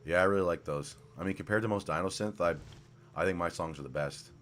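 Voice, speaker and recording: A man's voice: low-pitched, fast, a bit bright, a little hiss or hum. A man casually commenting while streaming a game, rambling and swearing, with mumbled asides, speaking into a desk microphone.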